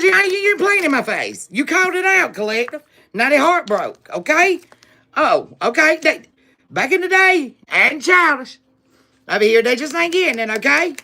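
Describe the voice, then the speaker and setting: A woman with a high-sitting, sharp voice does a live tarot reading, speaking sassily and emphatically straight to her viewers and laughing often.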